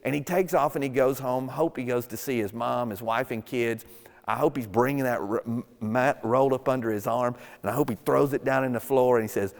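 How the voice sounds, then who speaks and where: Storytelling pastor in an echoing hall. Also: male voice, mid-range voice, vocal fry. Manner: casual storytelling with acted-out quotes. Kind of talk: sermon. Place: church sanctuary. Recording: long hall reverb.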